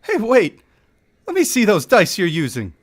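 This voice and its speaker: Man doing a high, cranky dwarf. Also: huge pitch swings, normal speed, exaggerated voice. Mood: pleading. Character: grumbling male dwarf, anxious and cranky.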